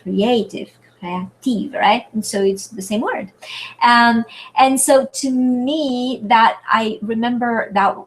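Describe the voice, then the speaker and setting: A woman's voice: fairly high pitch, takes it slowly, poor audio. Hesitant French-accented woman tutor. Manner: hesitant, searching for words with many fillers. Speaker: French tutor hosting a webinar. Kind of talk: live online Q&A lesson. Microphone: computer mic on a video call.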